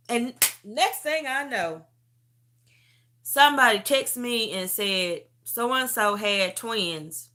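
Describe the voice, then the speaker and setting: Middle-aged woman, host of a testimony live stream; sharp bright tone, animated and emotional storytelling, close to tears. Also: fairly high pitch, slow. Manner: animated storytelling, calls the listener "beauty". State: near tears. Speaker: host sharing a personal testimony.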